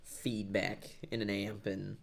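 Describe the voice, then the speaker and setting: A man's voice: on the low side, flat delivery, slow pace, gravelly. A man co-hosting a guitar shop live stream, chatting eagerly and loosely about guitars. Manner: enthusiastic, loose, trailing off mid-sentence. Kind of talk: casual chat.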